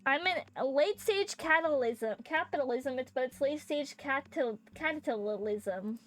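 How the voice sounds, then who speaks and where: Animated woman streamer, high-pitched, chatty gaming commentary. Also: unhurried, faint music behind. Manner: animated, chatty, laughing, fixes her own slips.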